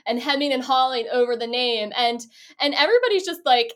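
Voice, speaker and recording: A woman's voice: fairly high pitch, animated, a little fast, gravelly, a bit bright. A woman co-hosting a podcast, chatting casually and animatedly, often laughing and swearing offhand. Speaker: podcast co-host. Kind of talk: casual chat recapping a reality show.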